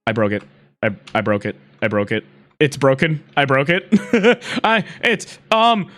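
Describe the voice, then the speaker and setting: A livestreamer chatting casually to viewers, excitable and quick to laugh, swearing casually. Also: mid-range voice, faint music behind.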